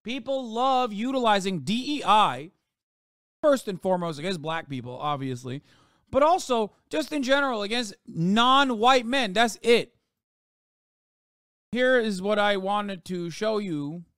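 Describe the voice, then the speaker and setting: Ranting sarcastically and with plenty of profanity, a man reacts on a livestream in a smooth, resonant voice that sits fairly high for a man and is a bit bright. He uses lively intonation at a measured pace, and the sound is dry and close, with no room around it.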